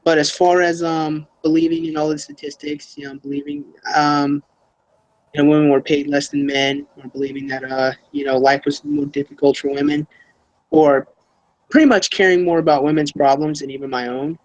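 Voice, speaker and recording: A man's voice: fairly high pitch, flat delivery, normal speed, no room sound, dull audio. A young man answering interview questions casually, rambling with many fillers and restarts. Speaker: YouTuber being interviewed.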